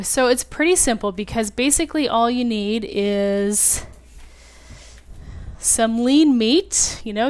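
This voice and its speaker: A woman's voice: fairly high pitch, clear, resonant tone. A woman hosting a casual cooking tutorial, chatty and self-deprecating, with lots of fillers. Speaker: home cooking channel host.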